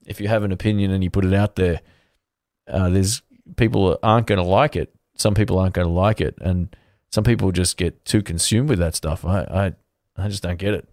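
A laid-back man with a fairly low voice chats on a live stream about guitar gear. He rambles and restarts his sentences in an easygoing way, and the sound is close and dry. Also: steady tone, a little fast, darkish tone, no room sound. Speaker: guitar channel host. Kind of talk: casual livestream chat answering viewers.

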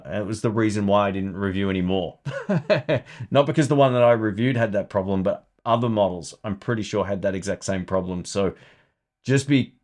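A man hosting a casual live stream about guitar gear, chatting loosely and thinking aloud. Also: fairly low pitch.

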